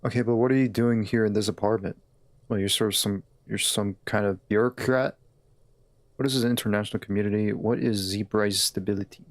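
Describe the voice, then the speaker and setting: A man's voice: on the low side, fairly even intonation, fairly quick, no room sound. A man streaming a game, chatting casually, joking and laughing often. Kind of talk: casual gameplay commentary.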